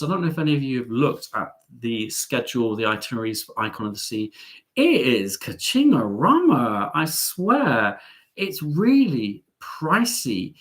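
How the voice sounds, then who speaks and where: A man's voice: mid-range voice, a bit bright. A middle-aged man hosting a live stream, chatting casually as he reads out viewer comments, with sarcastic, self-mocking asides and lots of ums.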